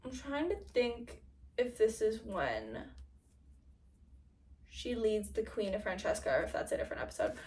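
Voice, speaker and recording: Chatty high-voiced young woman vlogger. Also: very animated, normal speed, long pauses, darkish tone, distant mic. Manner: chatty, gushing, full of fillers and laughs. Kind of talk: casual chat.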